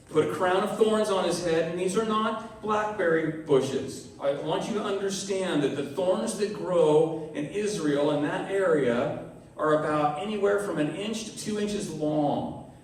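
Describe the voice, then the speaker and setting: A man's voice: high-pitched, a little slow, a little mellow. A man preaching a sermon as pastor, talking in a conversational way and acting out the voices of people in the story. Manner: conversational, acts out quoted voices. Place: church hall. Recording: echoey room, heard from a distance.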